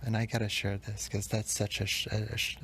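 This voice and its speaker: Low gravelly man, emotional confession. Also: completely flat delivery, a little hiss or hum. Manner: emotional, halting, with restarts and soft whispered moments. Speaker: podcast host. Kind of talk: personal confessional storytelling.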